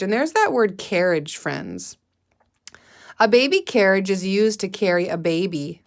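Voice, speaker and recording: A woman teacher leads a guided reading lesson for young children with patient, deliberate prompts. She speaks at an unhurried pace, with a voice of ordinary middle pitch. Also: lively intonation, creaky.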